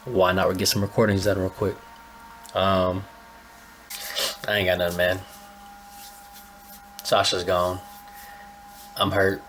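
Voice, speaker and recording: A man's voice: low voice, level tone, slow pace, pauses often, fairly bright tone, slight background noise. A young man hosting a casual anime reaction, chatting in laid-back slang with a slightly stuffy nose. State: a little stuffy-nosed. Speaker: anime reaction channel host.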